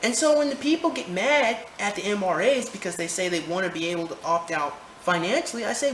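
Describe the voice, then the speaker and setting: A man's voice: sits high, animated, brisk, hardly any pauses, fairly bright tone. Heated, profane man ranting in echoey room. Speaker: vlogger. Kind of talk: opinion rant to camera. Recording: roomy echo, faint background noise.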